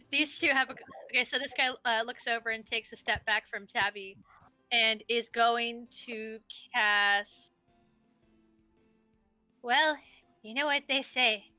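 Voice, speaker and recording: A young woman runs a tabletop game with playful, laughing narration. Her voice rides high and sounds very bright. The sound is dry and close, with no room echo. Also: slow, faint music behind. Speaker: game master.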